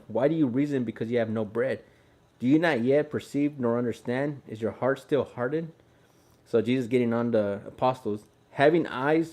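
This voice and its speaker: A man's voice: medium pitch, mellow. Laid-back man reading scripture. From Houston, Texas. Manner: laid-back, chatty, repeats himself. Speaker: Bible reader. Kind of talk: casual Bible reading with commentary.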